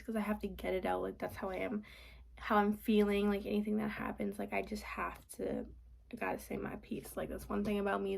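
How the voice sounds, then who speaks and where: A woman's voice: mid-range voice, vocal fry, a little mellow. A young woman venting casually in a late-night vlog from her apartment, rambling with lots of "like" and sometimes dropping to a whisper. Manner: rambling, frequent "like", drops to whispers. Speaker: vlogger.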